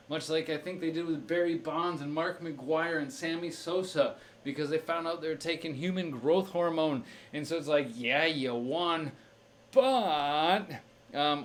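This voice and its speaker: A man's voice: on the high side, a little hiss or hum. A young man on a live stream, thinking aloud through a crossword with many fillers and restarts. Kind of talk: casual live-stream chat.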